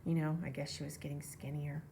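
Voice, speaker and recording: A woman reading a children's novel aloud in a relaxed way, with casual asides to listeners. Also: low-pitched, a little fast, vocal fry, a little hiss or hum. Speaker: reader.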